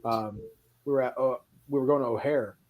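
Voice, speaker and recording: A man hosting a casual film podcast, talking in an animated way with quick asides and a lot of swearing. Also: medium pitch. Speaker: podcast host.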